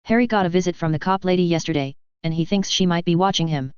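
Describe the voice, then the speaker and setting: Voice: mid-range voice, quick pace, smooth, dry recording, highs cut off, close to an everyday voice. A narrator doing a sardonic spirit cat with a TV British accent. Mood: grumbling. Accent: put-on TV British. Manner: sardonic, grumbling, flirty. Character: cocky male spirit possessing a house cat.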